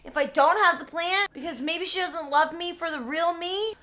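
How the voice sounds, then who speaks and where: A woman's voice: very high-pitched, normal speed, sharp tone, pitched above the performer's own voice. A tipsy woman voicing a flustered, nerdy young man who stammers and frets. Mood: anxious.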